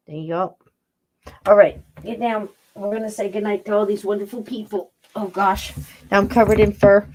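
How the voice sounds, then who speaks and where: A woman's voice: mid-range voice, moderate pace, darkish tone, dry recording, clean studio sound. A woman hosting a podcast, chatting casually in a rambling, affectionate way and laughing often. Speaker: podcast host. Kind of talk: casual chat, talking to her pets on camera.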